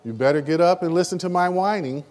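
Emotional man preaching a sermon. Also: high voice. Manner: animated, emotional preaching with sudden loud rises; halting, repeats words.

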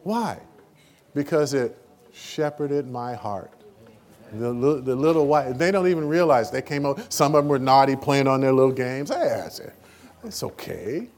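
A man preaches in a mid-range voice at a church meeting, full of emotion and animation. Sudden rises in loudness mark his speech, along with halting, repeated words.

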